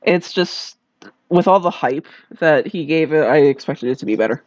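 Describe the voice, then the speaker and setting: A man's voice: a little high, lively intonation, normal speed, no echo. A man co-hosting a podcast in casual chat, laughing often and swearing casually. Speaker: podcast co-host. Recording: dull lo-fi dry sound.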